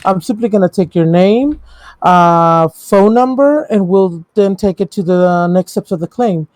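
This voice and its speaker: A blunt stream guest chatting over voice chat. The voice is mellow and dark and sits at a middle pitch. The sound is very dry and close. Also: animated, unhurried, no room sound. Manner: blunt, swears freely, mimics a polite phone agent.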